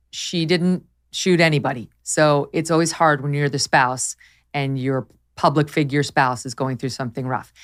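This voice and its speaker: Woman podcast host, low-pitched, emphatic and animated, opinionated casual chat on a studio mic. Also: smooth. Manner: emphatic, quick, animated with laughs.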